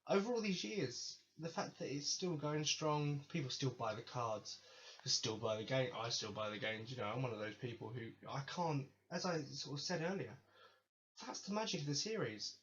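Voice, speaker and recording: A man's voice: medium pitch, moderate pace, fairly bright tone. A man hosting his own podcast, talking casually in a rambling, enthusiastic way that keeps correcting itself. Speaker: podcast host. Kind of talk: casual solo podcast monologue. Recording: slightly dull lo-fi mic with faint hiss.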